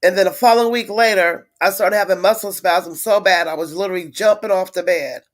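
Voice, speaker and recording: A woman chatting casually on a live stream to her viewers, venting in a frustrated, blunt way with swearing and halting restarts. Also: lowish voice. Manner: halting with many fillers and restarts. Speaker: livestreamer greeting viewers.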